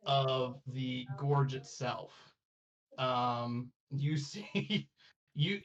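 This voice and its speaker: Slow-talking, laughing game master. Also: male voice, fairly high pitch, recorded from a distance, highs cut off. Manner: laughs often, loose and rambling. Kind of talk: narrating a tabletop game.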